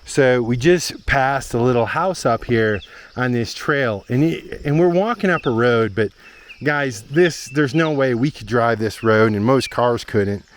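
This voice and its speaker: An easygoing man of middle pitch narrates his travel vlog out loud as he hikes a mountain trail, chatty and eager about what he passes. Crickets and insects hum faintly behind him in the open air. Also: a little slow. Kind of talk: casual walking narration to camera.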